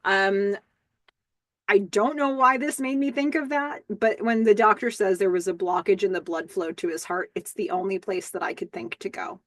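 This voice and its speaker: A woman hosting a podcast, recapping a TV episode in a casual, animated way and reading the characters' lines aloud in playful voices. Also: medium pitch, normal speed, dry recording, studio quality.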